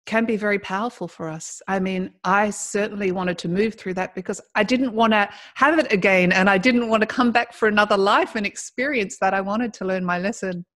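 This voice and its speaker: A woman's voice: mid-range voice, a little fast, hardly any pauses, a bit bright. A middle-aged woman, a podcast guest, telling personal stories in a conversational way, often laughing as she talks. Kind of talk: conversational storytelling.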